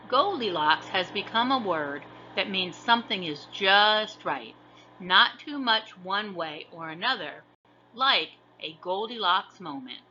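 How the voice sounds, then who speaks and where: A woman librarian reading a children's story aloud in an expressive, sing-song storytelling way. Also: medium pitch, unhurried, a little hiss or hum. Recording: dull lo-fi recording.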